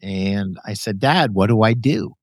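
A man's voice: lowish voice, measured pace, dry recording. Jokey podcast host man, dry sound. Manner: animated, jokey, laughs often, calls guest "brother". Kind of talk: casual interview chat.

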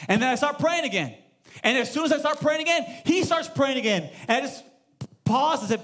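A man's voice: very high voice, fairly quick. A man in his thirties, a pastor giving a sermon in a church and telling stories with acted-out dialogue. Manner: animated storytelling, acts out dialogue. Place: church sanctuary.

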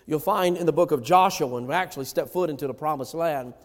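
A man delivers a sermon in a high voice, rising to loud emphatic calls and then sinking to low, hushed lines. A long reverb trails after his words. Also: fast talker. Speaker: preacher.

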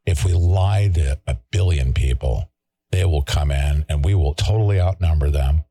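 A man's voice: rumbling low, moderate pace, warm tone, slightly rough, no echo. A man hosting a talk show, delivering heated, preachy commentary that repeats itself and includes mild swearing. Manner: emphatic, preachy, repeats himself and swears mildly. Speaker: show host.

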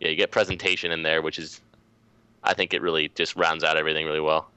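A male podcast guest with a very low voice that is still bright and clear. He rambles eagerly through his picks, recorded dry and close. He perks up when he gets excited. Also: fast talker, no room sound. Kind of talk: casual podcast chat.

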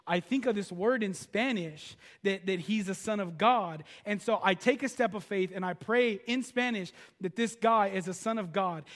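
A man's voice: high voice, big-room sound. A man preaching a sermon as pastor, telling stories in a loose, conversational way. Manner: conversational storytelling preaching, animated.

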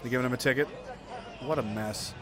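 A man's voice: medium pitch, fairly quick, fairly bright tone, a little hiss or hum. A man giving profane, mocking commentary while reacting to video clips. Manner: mocking, swearing, puts on silly voices. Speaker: commentary host.

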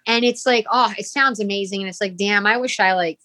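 A woman's voice: mid-range voice, a little fast, sharp tone. A woman with a Rhode Island accent, chatting casually as a podcast guest with lots of "like" and rambling asides. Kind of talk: casual interview chat.

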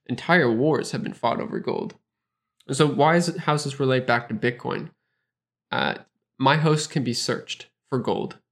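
A man's voice: mid-range voice, moderate pace, creaky. Canadian man explaining casually. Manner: relaxed, explains with examples, laughs easily. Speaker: podcast co-host.

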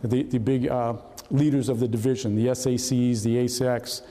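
An older man tells stories to an audience, his voice mellow and dark. He is animated and slips into the voices of the people he describes. The sound carries the long reverb of a hall. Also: mid-range voice, normal speed. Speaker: retired FBI agent telling stories. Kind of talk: anecdotal storytelling to an audience. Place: hall at a historical society talk.

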